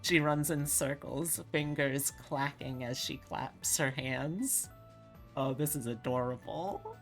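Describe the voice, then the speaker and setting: A woman's voice: deep voice, lively intonation, slow pace, soft background music. A woman VTuber reading visual novel narration aloud on a live stream, breaking off to comment.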